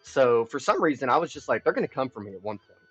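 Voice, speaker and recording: A man's voice: medium pitch, big pitch swings, fast talker, husky, no echo, faint music behind. Rambling, profane young man streaming. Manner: rambling, profane, swinging between quiet mumbling and loud bursts. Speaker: livestreamer. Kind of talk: casual confessional storytelling. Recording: dull lo-fi stream audio.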